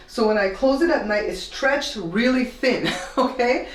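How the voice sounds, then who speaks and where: Her voice a little high and her pace moderate with few pauses, a Belizean host guides viewers step by step through a newly renovated room in a casual home tour vlog. Her husband films from some distance away, and the recording echoes off the bare walls indoors.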